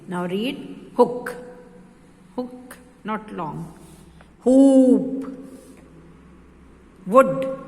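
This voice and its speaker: A woman, a kindergarten teacher, slowly repeating phonics words for young children. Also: mid-range voice. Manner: slow, drawn-out word repetition, stretching vowels. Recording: echoey room with long reverb.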